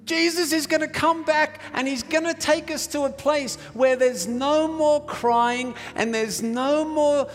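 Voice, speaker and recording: Little girl, bursting with excitement, voiced by a man, high and shouty in a big echoey hall. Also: very slow, hardly any pauses, full character voice. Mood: excited. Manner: breathless high-pitched exclaiming. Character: excited little girl, wide-eyed and eager. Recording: reverberant hall with faint music.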